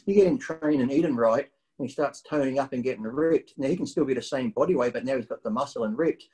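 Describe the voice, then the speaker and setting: A man's voice: mid-range voice, fast, dark tone, low-quality recording. Blunt, profane male storyteller. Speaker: guest bodybuilder. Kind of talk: casual storytelling.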